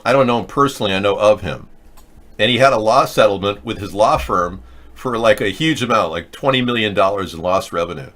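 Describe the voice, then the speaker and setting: A man hosting a political commentary show, talking in a rambling, sarcastic way, mid-pitched. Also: a little fast, fairly bright tone. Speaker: host.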